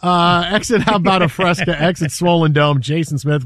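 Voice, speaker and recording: High-voiced rambling sports radio man. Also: lively intonation, normal speed, a bit bright, no echo. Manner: rambling, repeats himself, many restarts. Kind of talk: casual sports talk.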